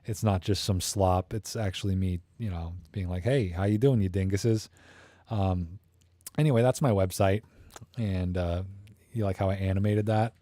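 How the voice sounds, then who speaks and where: A man's voice: sits low, steady tone, normal speed, warm tone, dry recording. A young man chatting casually on a live stream, rambling and joking around, his voice tired. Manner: goofy, rambling, self-promoting banter. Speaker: YouTube streamer. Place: small room at home.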